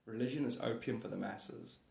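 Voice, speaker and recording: A man's voice: on the low side, brisk, creaky, darkish tone. A man hosting a livestream, rambling casually about spirituality and laughing often. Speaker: livestream host. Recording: echoey room.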